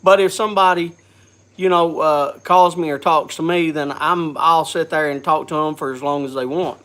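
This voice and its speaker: This is a man hosting a casual live chat, his voice slightly high, fairly even in intonation, and fairly bright. Congested from a cold, he coughs and speaks haltingly, often restarting sentences and repeating words.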